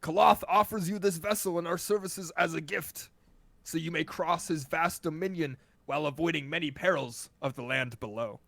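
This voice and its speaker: A man's voice: on the high side, moderate pace, vocal fry, fairly bright tone, no echo, pitched above the performer's own voice. Man doing a formal dragonborn envoy. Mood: solemn. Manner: grand, formal proclamation. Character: formal male dragonborn emissary in armor.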